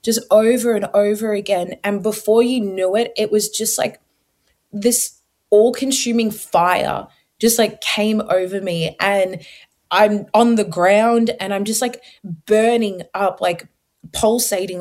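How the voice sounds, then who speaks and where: A young interview guest, a woman, relates her faith testimony in a measured, mid-range voice. She tells it with animation and performs her own earlier words.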